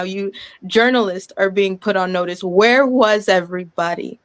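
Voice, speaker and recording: A woman in her thirties giving an impassioned, emotional speech, loud and breaking into laughter, overwhelmed and apologetic. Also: medium pitch, fairly even intonation, a little slow, smooth, no echo. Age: 30s. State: sweating, overwhelmed. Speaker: guest speaker.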